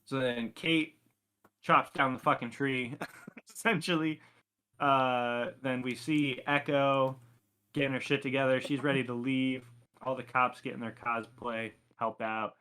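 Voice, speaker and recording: A man's voice: mid-range voice, fairly even intonation, unhurried, pushed and bright, clean tone. A man co-hosting a podcast, recapping an episode in casual, profane chat and laughing a lot. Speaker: podcast co-host.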